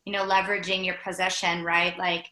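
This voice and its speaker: A woman's voice: lowish voice, little pitch movement, fairly quick, pushed and bright, reverberant, poor audio. A woman co-hosting a casual show, talking upbeat with many "like" and "you know" fillers. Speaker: co-host. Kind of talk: casual live-show chat.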